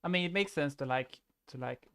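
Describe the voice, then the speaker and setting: A man's voice: on the high side, fairly quick, fairly bright tone, clear, resonant tone, no room sound. A man giving casual commentary on an online card game, thinking aloud, restarting his sentences and laughing easily.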